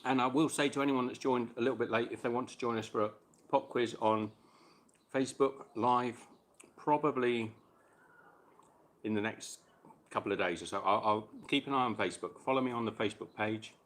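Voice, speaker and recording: A man's voice: mid-range voice, fairly quick, fairly bright tone. A man hosting a casual live stream chat while cooking, chatting between bites and answering viewers' questions.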